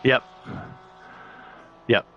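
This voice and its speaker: A man's voice: extremely slow, dull audio, slight background noise. Australian man, sim racing streamer, laid-back, rambling, swears a lot, casual stream chat.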